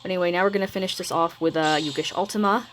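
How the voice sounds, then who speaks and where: This woman's low voice races along with fairly even intonation, on a rough recording with slight background noise. As a mobile game video creator, she gives casual commentary for her channel, rambling and hesitant, trailing off and owning up to being mumbly.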